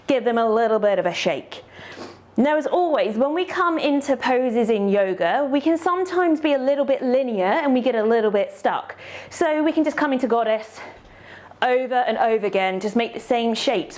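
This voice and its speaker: A woman leads a yoga lesson, talking through each pose with encouraging step-by-step cues. Her voice sits high, and she sounds a little out of breath as she moves. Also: a little mellow. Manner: encouraging, cueing poses step by step. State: slightly out of breath. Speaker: yoga teacher. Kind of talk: instructional yoga class.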